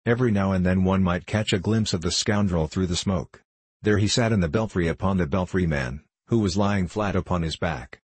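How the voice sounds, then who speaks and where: Low-voiced man narrating a comic tale, theatrical delivery, husky tone, dry close sound. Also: fairly quick, dry recording. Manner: theatrical, lively comic reading. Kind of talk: scripted storybook narration.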